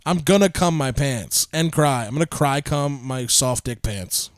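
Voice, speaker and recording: A young adult man co-hosting a podcast, excitable and profane, talking in big exaggerations. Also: medium pitch, measured pace, dry recording, studio quality. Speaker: podcast co-host, comedian. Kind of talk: casual chat.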